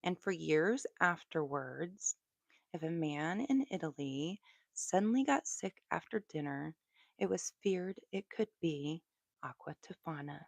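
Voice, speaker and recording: Slow, chatty Southern woman. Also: low voice, gravelly, dry recording. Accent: American Southern. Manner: relaxed, chatty, with asides. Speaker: true crime storyteller. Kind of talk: live storytelling.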